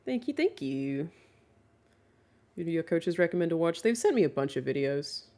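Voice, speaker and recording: A young woman with a deep, low voice talks casually to her stream, answering chat questions one after another. She is candid and chatty, swears without a second thought, and laughs easily between points. She speaks into a desk mic from a home streaming setup. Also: sing-song, normal speed, dark tone.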